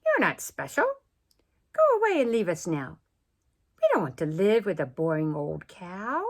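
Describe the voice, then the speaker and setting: A woman voicing a rude, haughty herd of elephants in a children's story, loud and dismissive. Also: mid-range voice, wildly swooping pitch, very slow, exaggerated voice. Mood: snooty.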